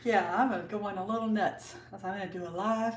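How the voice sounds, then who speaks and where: A woman's voice: medium pitch, steady tone, fast talker, reverberant, distant mic, slight background noise. Older woman chatting on a livestream. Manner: chatty, greets viewers by name. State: out of breath. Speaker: livestream host. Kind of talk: casual livestream chat. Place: kitchen at home.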